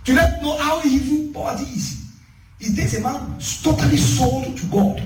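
A man preaching a sermon, telling animated stories with laughing asides. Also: very high voice, moderate pace, a little hiss or hum. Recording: roomy hall, distant mic, faint music.

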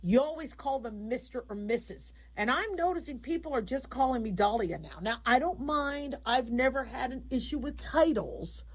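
Husky-voiced talk radio hostess. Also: female voice, sits high, animated, normal speed, hardly any pauses, rough recording. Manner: rambling, conversational, frank. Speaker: radio call-in show host.

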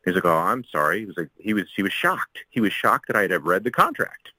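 Deep-voiced male guest, loose and chatty, circles back with asides. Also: big pitch swings, fast, pushed and bright, no room sound, low-quality recording. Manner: rambling, with many fillers and asides. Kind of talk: casual explanatory talk.

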